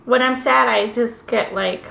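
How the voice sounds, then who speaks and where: A woman's voice: a little high, steady tone, a little slow, creaky, pushed and bright, roomy sound, a little hiss or hum, poor audio. A woman chatting casually with friends, blunt and profane, telling stories with a laugh. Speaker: friend in group chat. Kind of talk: casual chat.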